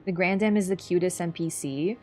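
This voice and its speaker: A woman's voice: fairly low pitch, brisk, warm tone, faint music behind. A young woman streaming a video game, chatty and casual, swearing and laughing as she talks. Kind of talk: gaming stream commentary.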